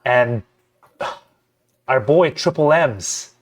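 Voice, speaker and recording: A man's voice: medium pitch, lively intonation, drawn-out words. A man hosting a boxing podcast in a chatty, easygoing way, often stumbling and repeating words. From Philippines. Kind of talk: casual chat.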